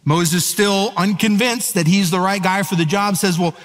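A man's voice: high voice, normal speed, a bit bright. A male pastor giving a sermon in a conversational, storytelling way, asking his listeners questions. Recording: echoey hall.

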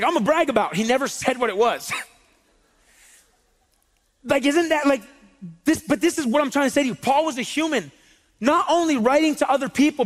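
A man in his thirties preaches in a relaxed, animated style, telling stories and tossing rhetorical questions at his congregation. His voice sits unusually high for a man. A long reverb trails off it, as in a large church hall. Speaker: pastor. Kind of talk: sermon with casual storytelling.

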